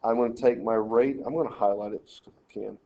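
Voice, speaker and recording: A man's voice: on the low side, steady tone, fast, vocal fry, highs cut off. A man teaching a math lesson, working through problems step by step and telling students how to lay out their work. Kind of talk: screen-recorded math lesson walkthrough.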